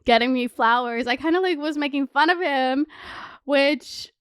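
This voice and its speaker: A young woman in her twenties chatting excitedly to camera as a vlogger, swearing freely. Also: high voice, normal speed, dry recording, studio quality. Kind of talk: casual chat to camera.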